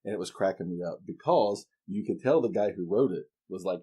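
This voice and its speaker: A man's voice: low voice, warm tone, breathy edge. A man hosting a podcast, chatting in a friendly, amused way with his guest. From southern Ohio. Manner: chatty, amused, quick to laugh along. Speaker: podcast host. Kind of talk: casual interview chat.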